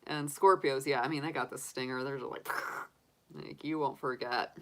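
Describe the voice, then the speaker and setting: Low-voiced chatty woman, laughing often. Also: steady tone, normal speed, creaky. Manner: chatty, laughs often, talks through her own reactions. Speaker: tarot reader answering live chat. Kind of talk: casual livestream chat.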